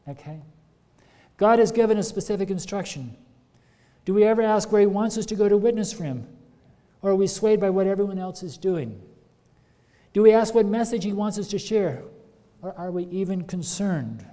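High-voiced preacher in a reverberant hall. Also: male voice, moderate pace, pauses often, mellow. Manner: earnest, questioning the congregation. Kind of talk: sermon.

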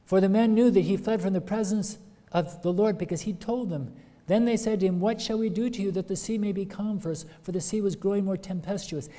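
A man's voice: high voice, fairly even intonation, brisk, dark tone. A man preaching a sermon, retelling a scripture story and putting earnest questions to his congregation. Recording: long hall reverb.

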